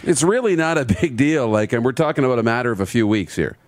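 A man's voice: medium pitch, lively intonation, no room sound. Male radio co-host, casual sports banter, firm short opinions; dry close sound. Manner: agreeable, quick to back up the host with firm short takes.

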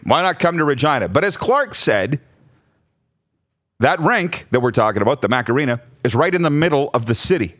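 Animated laughing radio host. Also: male voice, mid-range voice, a little fast, dry recording, clean studio sound. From Saskatchewan, Canada. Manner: animated, laughs often, reads listener messages. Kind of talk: casual sports radio banter. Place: radio studio.

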